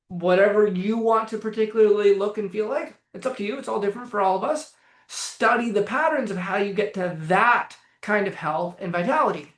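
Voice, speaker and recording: Blunt, animated male coach in a roomy space. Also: high voice. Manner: blunt, profane and animated, with bursts of laughter. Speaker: anxiety coach. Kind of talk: casual direct-to-camera talk.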